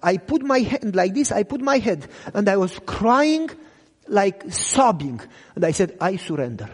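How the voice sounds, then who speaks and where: A young man who speaks English as a second language, preaching an emotional sermon testimony and swinging from loud cries to hushed low lines. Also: very animated, unhurried. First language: not English. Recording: echoey hall reverb.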